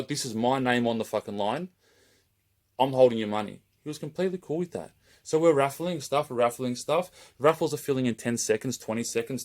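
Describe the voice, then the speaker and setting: A man's voice: medium pitch, a little mellow. A man running a raffle page, delivering a heated, rambling open-letter rant straight to camera and swearing constantly.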